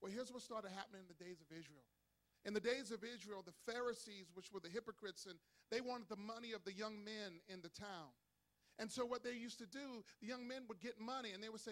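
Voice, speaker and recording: High-voiced preaching man. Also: a little fast, fairly bright tone. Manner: calls for audience responses. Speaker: pastor. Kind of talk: sermon. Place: church sanctuary.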